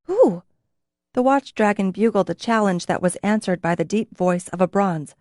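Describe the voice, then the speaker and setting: Reading a fantasy audiobook from a script, a woman keeps her delivery even and measured. Her voice is mid-range, and the clean studio sound carries no room tone.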